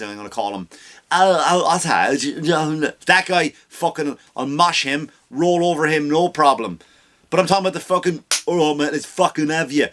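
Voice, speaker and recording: A man's voice: a little high, bright, forceful tone. An Irish man hosting a comedy podcast, delivering a heated, profane rant. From Ireland.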